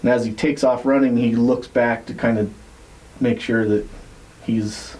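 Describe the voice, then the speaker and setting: A man on a podcast telling a story in a casual, rambling way, swearing freely and filling pauses with "like" and "uh". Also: mid-range voice, steady tone, darkish tone, a little hiss or hum, poor audio. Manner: rambling, profane, many fillers. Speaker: podcast co-host.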